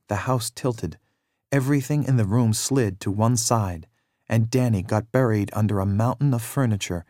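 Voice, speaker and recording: A man narrating a children's adventure story in a measured, expressive read-aloud style, with a very dry sound. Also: medium pitch, no room sound.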